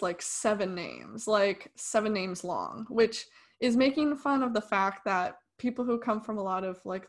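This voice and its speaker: A young woman co-hosting a podcast, reviewing a film in casual, animated talk with opinionated and sarcastic asides. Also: medium pitch. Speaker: podcast co-host.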